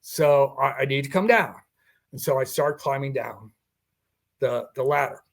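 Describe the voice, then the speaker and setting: A man's voice: mid-range voice, measured pace, vocal fry. An older man telling a personal story in a podcast interview, acting out the dialogue and chuckling as he goes. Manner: recounting a personal encounter with quoted dialogue and chuckles. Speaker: guest.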